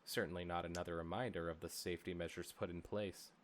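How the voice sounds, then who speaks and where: A man's voice: low voice, fairly even intonation, quick pace, slight background noise. A man co-hosting a podcast who reads fan fiction aloud and breaks off into wry, joking commentary. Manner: wry and joking, often laughing. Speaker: podcast co-host and narrator.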